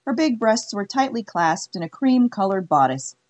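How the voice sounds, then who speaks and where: A woman narrating an audiobook in a measured, wry way. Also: mid-range voice, sing-song, darkish tone. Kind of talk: scripted narration.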